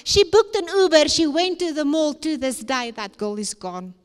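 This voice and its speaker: A woman's voice: sits high, very animated, normal speed. A woman giving an emphatic, preacher-like talk to young people at a conference. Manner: emphatic, repetitive preacher-like phrasing. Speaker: conference speaker. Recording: long hall reverb.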